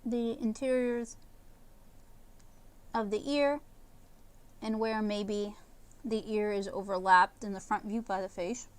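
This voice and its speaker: A woman teaching watercolor painting on a livestream, talking casually and in halting phrases while she paints. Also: mid-range voice, fairly even intonation, smooth. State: talking with a candy in her mouth. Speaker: art instructor.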